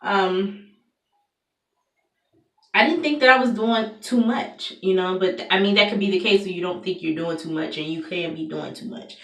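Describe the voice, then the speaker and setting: A woman's voice: mid-range voice, moderate pace, far from the mic. Candid woman talking from across an echoey room. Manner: candid, conversational, many fillers and restarts. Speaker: vlogger. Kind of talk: personal storytelling vlog. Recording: echoey room, voice from away from the mic.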